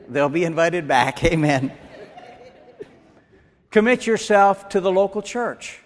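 A man's voice: on the high side, normal speed. A man preaching a sermon in a church with emphatic call-and-response delivery, then leading a prayer. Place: church hall. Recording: long church-hall reverb.

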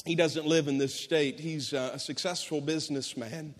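A man's voice: a little high, fairly even intonation, moderate pace. A middle-aged man preaching a sermon, telling a personal story in an earnest way with many restarts. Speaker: pastor. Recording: long hall reverb.

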